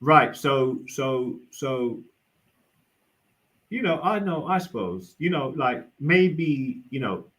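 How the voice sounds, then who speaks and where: Young man, panel guest, rambling and hesitant, mid-pitched. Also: lively intonation, slow pace, fairly bright tone, rough recording. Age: young adult. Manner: rambling, hesitant, lots of restarts and fillers. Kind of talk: casual debate.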